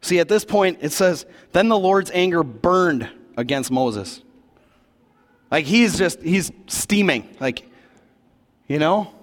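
A man preaches in a church, telling the story with a relaxed, chatty energy and slang tossed in. His voice sits a little high for a man. It rings out with the long reverb of a big hall. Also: slow pace. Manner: casual, animated retelling of scripture, slangy asides. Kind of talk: sermon.

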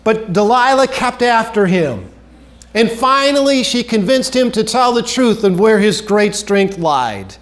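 A male preacher with a high voice delivers an earnest sermon. He repeats his key phrases and lets his voice sink low at the ends of phrases. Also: animated, measured pace.

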